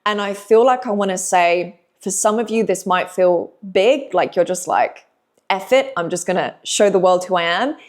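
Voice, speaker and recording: A young woman, giving a gentle, emotional spiritual message to her viewers, with sighs and slow pauses. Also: fairly low pitch. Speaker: intuitive reader speaking to viewers. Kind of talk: spiritual channeled message to camera.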